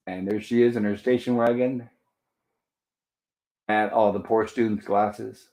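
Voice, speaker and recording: A man's voice: on the low side, fairly even intonation, a little slow, mellow. A man hosting a live movie review stream, narrating scenes over the film and reading viewer comments aloud. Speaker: livestream host.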